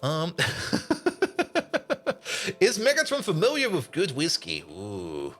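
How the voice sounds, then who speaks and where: A male game streamer with a high, lively voice, chatting loosely as he plays. He laughs often and greets viewers as they arrive, in a bright, animated way. Faint music runs underneath. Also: slow pace. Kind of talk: casual live-stream chat.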